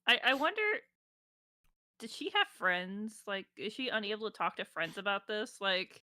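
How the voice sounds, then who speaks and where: A woman co-hosting a commentary stream, teasing and cracking quick jokes. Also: medium pitch, animated, sharp tone, no echo, studio quality. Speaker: stream co-host. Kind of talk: casual commentary.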